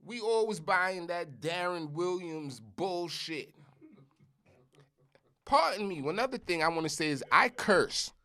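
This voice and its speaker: A man's voice: sits high, animated, a little slow, sharp tone. A middle-aged man from Brooklyn with a New York accent, hosting a podcast in a casual, emphatic monologue and swearing for emphasis. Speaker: podcast host.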